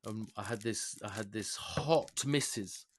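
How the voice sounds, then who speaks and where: A young man with a London accent telling rowdy stories on a casual podcast, swearing freely and jumping between loud and quiet. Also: measured pace. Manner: animated, swearing, big jumps in pitch and loudness. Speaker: podcast co-host. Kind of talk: casual storytelling chat.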